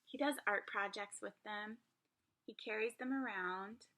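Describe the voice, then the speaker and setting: A woman's voice: mid-range voice, unhurried, sharp tone, a little hiss or hum. A woman teacher reading a picture book aloud to young children, with chatty asides to her listeners. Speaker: preschool teacher.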